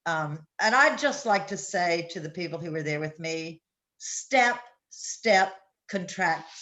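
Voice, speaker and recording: A woman's voice: low-pitched, animated. A woman fondly recalling her old theatre shows in casual chat on a video call. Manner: slow, warm, sentimental. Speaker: former cast member.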